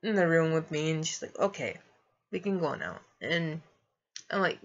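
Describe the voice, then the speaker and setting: A woman's voice: deep voice, animated, normal speed, lo-fi sound. A young adult woman vlogging, telling a personal story in a rambling, casual way and laughing through it.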